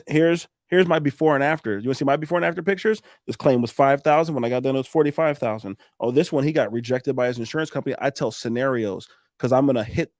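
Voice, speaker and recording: A man rattles off sales stories at high speed, jumping in and out of the voices of himself and his customers. His talk is loose, salty and animated. The recording is dry and close. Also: no echo. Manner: fast, animated, acts out both sides of conversations, swears casually. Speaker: roofing contractor guest. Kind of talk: casual storytelling interview.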